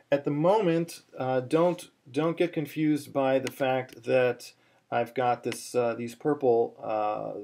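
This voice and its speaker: A man's voice: mid-range voice, a little mellow. A man teaching a chanting lesson, explaining step by step with many fillers and restarts, now and then breaking into chant. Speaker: cantillation teacher.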